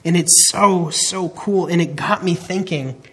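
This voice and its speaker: A man's voice: high-pitched, a little slow, pushed and bright, husky. A man in his thirties preaching a sermon, earnest and emphatic, often restarting his phrases. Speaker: pastor.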